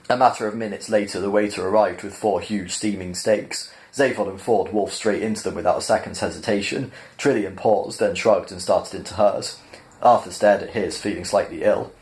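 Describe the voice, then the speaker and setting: A man reading a novel aloud in a measured, plain narrating style. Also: on the low side, fairly even intonation, darkish tone. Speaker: reader. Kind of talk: audiobook-style storybook reading.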